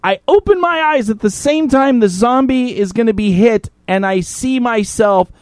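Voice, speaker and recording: A man's voice: very high-pitched, moderate pace, darkish tone, no room sound, clean studio sound. A man hosting a podcast and telling a story in casual, profane chat. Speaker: podcast host.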